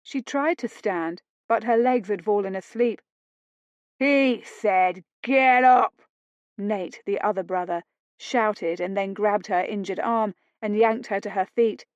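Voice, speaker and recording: A woman reads an audiobook in a slow, deliberate, unhurried way. Her voice sits at an ordinary middle pitch, and the recording is dry and a little dull. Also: a little mellow, no echo. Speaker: audiobook narrator. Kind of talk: scripted audiobook narration.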